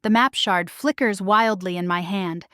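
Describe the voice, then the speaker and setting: Slow, dry-voiced woman narrator. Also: mid-range voice, a bit bright, smooth, no room sound. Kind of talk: first-person romance story narration.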